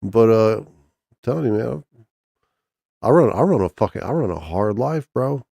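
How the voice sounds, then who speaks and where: A man's voice: fairly low pitch, animated, normal speed, creaky, mellow, dry recording. A man casually chatting on a stream, rambling and joking crudely with lots of restarts. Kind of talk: casual profane chat with chat and co-host.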